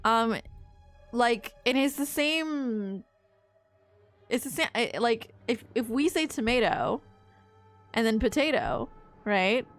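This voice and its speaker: A woman's voice: a little high, expressive, slow pace, long pauses, faint music behind. A young woman chatting casually while she plays a game, rambling and swearing when she gets stuck. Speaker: streamer. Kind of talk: casual live-stream commentary while playing.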